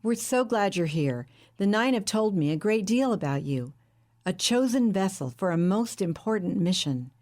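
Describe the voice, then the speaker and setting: A woman reading a huge, charismatic male psychic in an audiobook, with a deep, melodious, calm and patronizing manner. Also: lightly acted. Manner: calm, measured, intimate.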